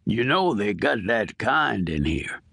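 A man's voice: fairly high pitch, expressive, slow, pushed and bright, no room sound, clean studio sound, full character voice. A man voicing a dying, foul-mouthed old male prisoner with a coarse drawl. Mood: bitter. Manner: coarse, drawling, wheedling then demanding.

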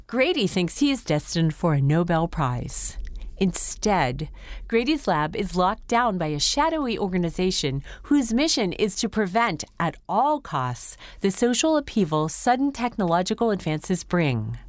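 A woman host introducing a book in clear, scripted tones. Her pitch moves with lively variation. The recording is close and dry. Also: no room sound. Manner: clear, announcing. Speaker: podcast host.

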